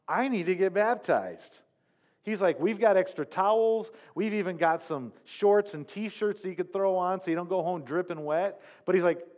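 A male pastor preaches a sermon centered on his personal testimony, telling the story with animation and softening into earnest tones whenever he quotes himself. His voice sits a little high.

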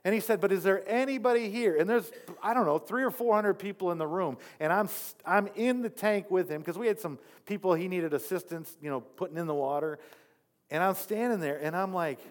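Man, pastor, sermon testimony, higher pitch, animated storytelling. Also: fairly quick. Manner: animated storytelling, drops to soft earnest tones for quotes.

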